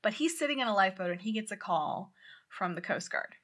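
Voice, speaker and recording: Podcast co-host, woman, bright tone, lively storyteller who swears and shouts out quotes. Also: medium pitch, a little fast. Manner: animated, swears, acts out quotes loudly. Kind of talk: casual storytelling chat.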